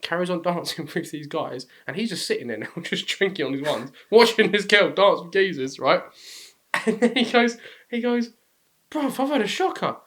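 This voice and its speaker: A man's voice: high-pitched, expressive, moderate pace, a bit bright. A young man with an English accent, co-hosting a podcast, telling stories in a laddish, slangy way and laughing often. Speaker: podcast co-host. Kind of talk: casual chat.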